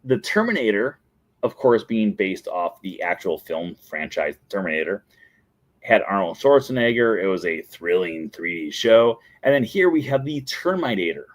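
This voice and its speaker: A man with a fairly low voice hosts his own talk show in a casual, chatty way. He is eager and enthusiastic as he retells scenes and quotes characters along the way. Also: big pitch swings, normal speed. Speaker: show host.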